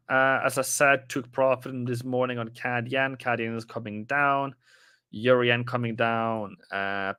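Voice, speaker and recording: A man's voice: medium pitch, sharp tone, clean tone, no echo, clean studio sound. A man casually commenting on a live trading stream, rambling and chatting with viewers as he goes through the charts.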